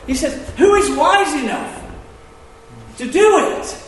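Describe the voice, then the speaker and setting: A man preaching a sermon, swinging between hushed asides and loud, emphatic declarations. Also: extremely high pitch, animated, takes it slowly, slight background noise. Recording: echoey hall, distant mic.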